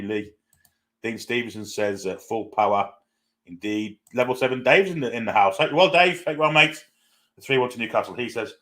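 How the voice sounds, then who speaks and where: A man's voice: on the low side, a bit bright. A man hosting a live football watchalong, casually reading out and answering viewer comments with frequent fillers. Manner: chatty, reads out viewer comments and greets them one by one; casual, with frequent "uh" and self-corrections. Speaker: host of a football fan channel.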